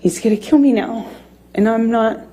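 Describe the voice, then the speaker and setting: A woman in her thirties giving courtroom testimony from the witness stand into a desk microphone, halting and shaken, with many restarts. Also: fairly high pitch, dark tone, slightly rough. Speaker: trial witness.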